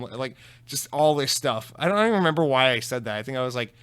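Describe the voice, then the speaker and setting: A man's voice: mid-range voice, lively intonation, quick pace, fairly bright tone, clean tone. A man hosting a solo podcast, chatting casually and rambling with many restarts and repeated words, swearing now and then. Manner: casual and profane, self-deprecating. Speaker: podcast host. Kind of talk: solo podcast chat reading listener comments.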